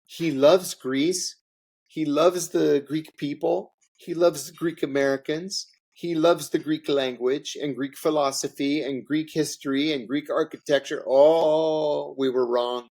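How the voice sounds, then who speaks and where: Here the interview guest, once an intelligence officer, speaks at a measured pace in a fairly high, steady, darkish voice. His conversational storytelling is frank and forceful, with phrases repeated for emphasis.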